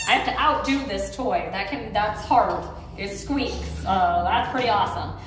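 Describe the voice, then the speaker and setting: A woman's voice: mid-range voice, a little slow, a little hiss or hum. A young woman, a dog trainer, chatting through a training session in a loose, upbeat way with many fillers. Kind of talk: casual instructional narration. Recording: roomy, distant phone or camera mic.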